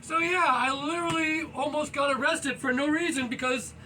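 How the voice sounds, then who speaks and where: A man with a very high, bright voice talks loudly and energetically, rambling through casual motivational thoughts while he stretches and moves around at home. He leans on "you know" constantly. He sits well away from the mic, with faint noise behind him. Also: steady tone, moderate pace, recorded from a distance, rough recording. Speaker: fitness vlogger. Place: indoors at home, low ceiling.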